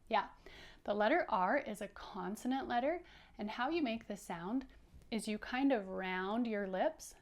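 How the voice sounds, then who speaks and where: Woman teacher reading a picture book to kids, slow and encouraging. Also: medium pitch. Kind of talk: children's read-aloud lesson.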